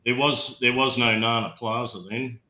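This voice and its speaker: A man's voice: medium pitch, level tone, moderate pace, pushed and bright, echoey room, low-quality recording. A middle-aged man, talking bluntly and swearing freely as a guest in a casual chat.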